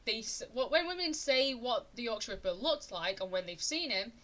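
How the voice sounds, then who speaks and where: A young adult woman streamer tells a true-crime story casually and chattily, her fairly high voice bright, expressive, and forceful at a moderate pace. She often sounds indignant, restarts her sentences frequently, and builds her emphasis upward.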